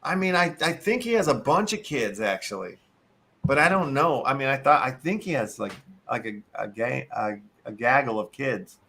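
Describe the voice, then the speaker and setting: A man's voice: mid-range voice, animated, moderate pace, creaky, pushed and bright, slightly rough. A man with a Chicago accent hosting a casual show, reading articles aloud, cursing and tripping over long words. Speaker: show host.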